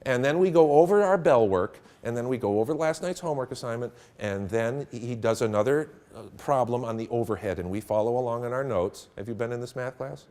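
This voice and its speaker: A middle-aged man giving a workshop lecture to teachers in a room with an audience, telling stories in an animated way and laughing along. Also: medium pitch, brisk. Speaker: teacher trainer.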